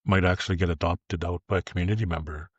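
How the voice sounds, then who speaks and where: A man's voice: sits low, steady tone, slightly rough, no echo. A man in his fifties, a youth treatment program leader, telling plainspoken, earnest stories in a podcast interview. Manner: earnest, plainspoken, unhurried storyteller. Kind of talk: podcast interview, personal storytelling. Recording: dull lo-fi sound.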